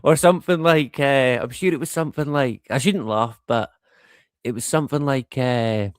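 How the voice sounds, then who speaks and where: A man's voice: medium pitch, normal speed, clean tone, no echo, studio quality. Rambling, laughing male livestream host. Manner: rambling and conversational, laughs often, swears. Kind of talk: casual monologue.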